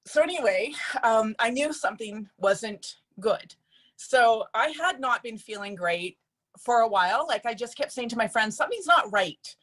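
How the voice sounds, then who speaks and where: A woman speaks to a group of friends in a personal testimonial. Her voice sits a little higher than most. She talks in a chatty, earnest way and fills her sentences with ums and you-knows. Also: moderate pace, a bit bright. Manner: chatty and earnest, with frequent fillers.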